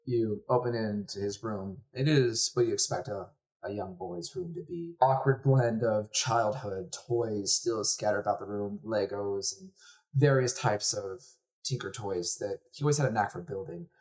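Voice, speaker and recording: A man narrating a tabletop role-playing game as game master, describing scenes calmly. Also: on the low side, normal speed.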